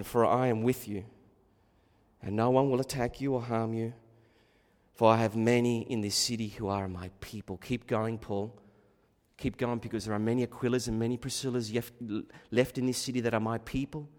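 A man preaching an expository sermon, moving from quiet, musing asides to loud, fervent exhortation. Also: mid-range voice, fairly even intonation, moderate pace, long reverb tail.

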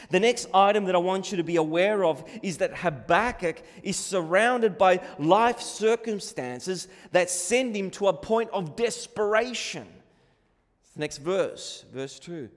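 A man's voice: high voice, big-room sound. A man preaching a sermon, impassioned and pleading, recorded in a church. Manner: impassioned, rising to pleading cries.

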